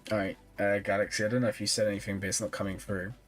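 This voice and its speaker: A man's voice: lowish voice, flat delivery, rapid-fire, faint music behind. A tired, yawning man streaming live and chatting casually as he reviews viewers' game rosters and answers chat. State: sleepy, yawning.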